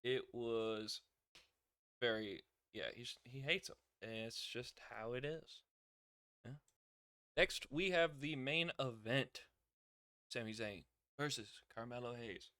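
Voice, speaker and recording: A young man giving a casual wrestling show review, chatty and quick to laugh, acting out what people said. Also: medium pitch, sharp tone, clean tone, dry recording, clean studio sound. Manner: chatty, laughs often, acts out quotes.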